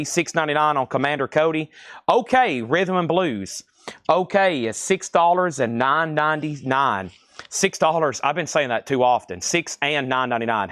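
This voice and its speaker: A man hosting a live record sale, calling out items, prices and buyers in a brisk, chatty way from a record shop storeroom. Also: on the high side, fairly bright tone, no echo, clean studio sound. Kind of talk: livestream auction calling.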